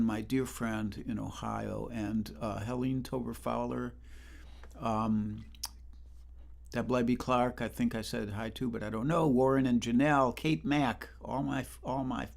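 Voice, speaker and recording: A man's voice: mid-range voice, creaky. An older man hosting a livestream concert, chatting casually between songs and greeting viewers by name with a rambling manner. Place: home, livestream. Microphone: livestream microphone.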